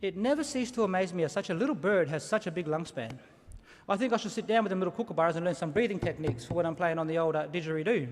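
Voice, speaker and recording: A middle-aged Australian man gives a ceremonial welcome in a quick, high voice. He tells stories and has the audience repeat words after him, and his voice rings out in a reverberant hall. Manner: lively, engaging, asks the audience to repeat words. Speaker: Aboriginal elder giving a welcome to country. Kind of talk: ceremonial welcome speech with storytelling.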